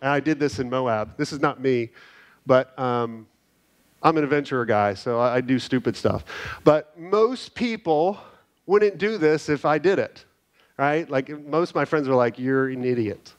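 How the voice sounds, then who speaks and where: A middle-aged man giving an energetic, animated conference talk, telling stories and checking in with the crowd with "right?". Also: mid-range voice, measured pace. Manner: energetic, animated storytelling with frequent "right?" tags. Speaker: conference speaker. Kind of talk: keynote talk to a live audience. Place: conference hall.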